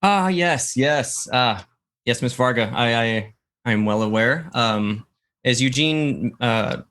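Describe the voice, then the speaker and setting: A man's voice: medium pitch, animated, takes it slowly, a bit bright. A man as a suave, genteel investigator. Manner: genteel, old-fashioned phrasing. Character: suave well-dressed male investigator.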